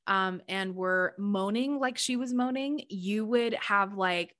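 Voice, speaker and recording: A woman's voice: mid-range voice, fairly bright tone. A woman hosting her own podcast in a casual, confessional monologue, chatty and full of "like" fillers, with frequent laughs. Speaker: podcast host.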